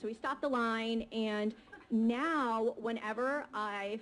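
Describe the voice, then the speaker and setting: A woman's voice: on the high side, unhurried, poor audio. A woman from Maryland, a real estate agent, talking in a chatty, free-flowing way with many fillers. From Maryland, USA. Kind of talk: casual panel talk.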